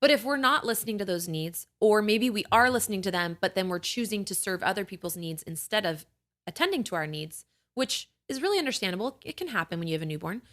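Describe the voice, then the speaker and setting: A woman's voice: mid-range voice, expressive, fast, fairly bright tone. A young adult woman hosting a podcast, talking casually and reassuringly to new mothers, often checking in with "right?". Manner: conversational, reassuring, lots of "like" and "right?". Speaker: podcast host. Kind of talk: casual explanatory talk to mothers.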